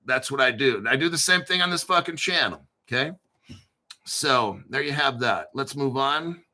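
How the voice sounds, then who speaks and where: With slight background noise behind him, this crypto channel host chats casually and unscripted on a livestream. He's blunt, boastful, and swears constantly, using a medium-pitched, pushed, bright voice with lively intonation at a moderate pace.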